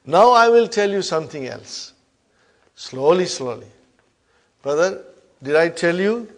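A man's voice: fairly high pitch, expressive, a little slow. Emphatic male Arabic grammar teacher. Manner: repetitive call-and-response drilling, frequent check-ins; emphatic, loud rises on key terms then soft drops. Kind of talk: classroom lesson.

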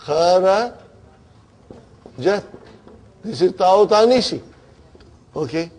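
A man's voice: fairly high pitch, expressive, a little slow, a little mellow. A man teaching a grammar class, questioning his students and checking in with them often.

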